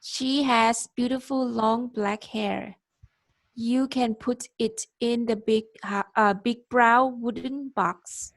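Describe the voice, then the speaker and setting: Slow, careful woman reading sentences. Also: on the high side, steady tone. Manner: careful, halting reading with self-corrections. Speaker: student. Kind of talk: reading example sentences aloud in a lesson. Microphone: video call.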